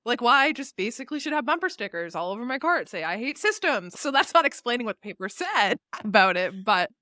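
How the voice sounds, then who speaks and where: A woman co-hosting a casual podcast, animated and excitable, jumping between thoughts. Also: fairly high pitch, fast talker, dry recording, studio quality.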